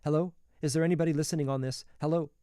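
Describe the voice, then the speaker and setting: A man's voice: on the high side, steady tone, rapid-fire, warm tone, no echo, studio quality, voice pushed up, close to an everyday voice. A man voicing a frightened teenage boy alone in a small plane, calling for help over a radio in a frantic, pleading voice. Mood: anxious.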